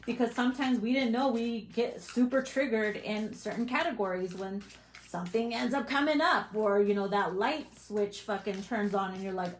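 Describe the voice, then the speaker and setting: A woman's voice: mid-range voice, normal speed, slight background noise. A woman giving a casual tarot reading, swearing freely and laughing often. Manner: profane, bubbly, laughs often. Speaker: tarot reader.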